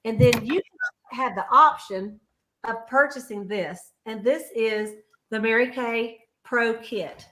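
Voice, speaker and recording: Chatty, higher-voiced woman, casual sales talk over a video call. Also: takes it slowly, pushed and bright, a little hiss or hum. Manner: chatty, storytelling, laughs often. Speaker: sales consultant. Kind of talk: casual livestream chat.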